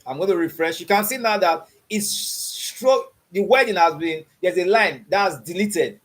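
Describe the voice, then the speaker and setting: A man's voice: sits high, measured pace. A man teaching a beginners' coding class online, repeating his checks for understanding and quizzing the learners with open questions. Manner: repeats "you understand what I'm saying?" and quizzes with "what?". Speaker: coding instructor.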